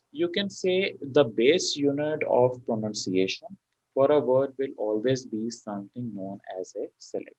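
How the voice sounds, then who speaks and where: A man's voice: mid-range voice, dry recording, low-quality recording. A male tutor teaching a live online exam class, explaining step by step with frequent fillers like "okay" and "you know".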